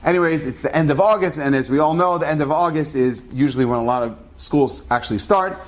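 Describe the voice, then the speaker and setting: Animated man telling a story, higher voice. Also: fast talker. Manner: animated, acts out quoted voices. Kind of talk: casual spoken storytelling.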